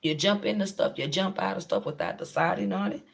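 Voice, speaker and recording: A medium-pitched, creaky voice moves a little fast as a tarot reader offers viewers a frank, casual reading in slang. The manner is blunt and repetitive, pressing each point home.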